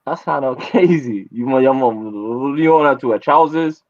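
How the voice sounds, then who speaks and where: A man's voice: medium pitch, normal speed. Laid-back man on a dull lo-fi line. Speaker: panel guest. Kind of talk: casual chat.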